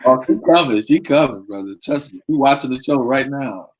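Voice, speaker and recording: A man's voice: mid-range voice, brisk, low-quality recording. A married man co-hosting a casual talk show, easygoing and laid-back, peppering his talk with slang. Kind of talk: casual chat.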